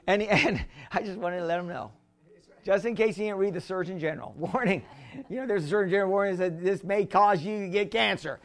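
A man preaching a sermon as pastor, repeating himself, chuckling through anecdotes and building to shouts. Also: high voice, brisk. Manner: repetitive, rising to shouts at the congregation; conversational, tells anecdotes with chuckles.

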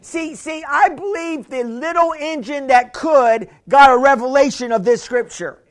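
A man's voice: very high-pitched, a little slow. A man preaching a sermon in a chatty way, laughing often and calling out to the congregation. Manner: chatty, laughing, calls and responses. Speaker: pastor.

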